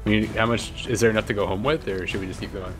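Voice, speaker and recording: A man playing as a co-op gaming partner, talking in a casual way with crude, deadpan trash talk. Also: fairly low pitch, fast talker, faint music behind.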